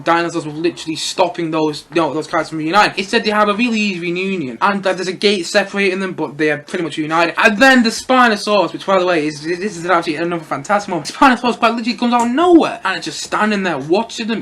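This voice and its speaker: Fast-talking young male film reviewer. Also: high voice, fairly bright tone. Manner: chatty, rambling, lots of fillers and little laughs. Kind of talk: casual solo film review.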